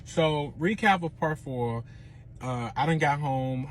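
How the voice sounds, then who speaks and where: A man telling a personal story in a dramatic, profane, animated way. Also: fairly high pitch, slow, slight background noise. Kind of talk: storytime monologue.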